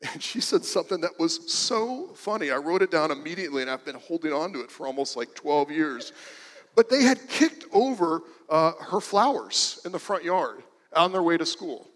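A man's voice: on the high side, sing-song, normal speed, a bit bright. Conversational male pastor in a reverberant hall. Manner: conversational with repeated restarts. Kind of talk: sermon storytelling. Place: church.

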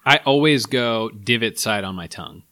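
A man co-hosting a casual food-tasting podcast, playful and quick to laugh. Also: on the low side, animated, bright, forceful tone, no room sound. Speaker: podcast co-host. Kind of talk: casual chat.

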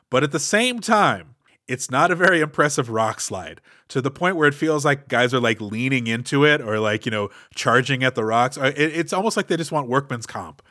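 A man co-hosting a podcast, retelling movie scenes in a sarcastic, animated way. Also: medium pitch, moderate pace, no echo, studio quality. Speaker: podcast co-host. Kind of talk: casual comedic movie chat.

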